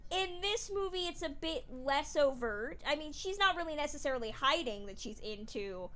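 A high, bright woman's voice rises and falls with lively emphasis as she co-hosts a casual podcast chat about a classic film. She talks in an animated, emphatic way and often laughs as she goes. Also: normal speed. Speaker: podcast co-host.

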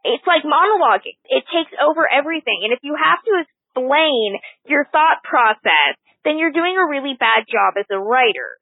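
A high-pitched woman talks about films in a casual, opinionated way and laughs often. Her voice comes through a tinny, phone-like line. The sound is dry, with no room echo. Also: very animated, moderate pace, few pauses. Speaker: film discussion co-host. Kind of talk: casual film podcast chat.

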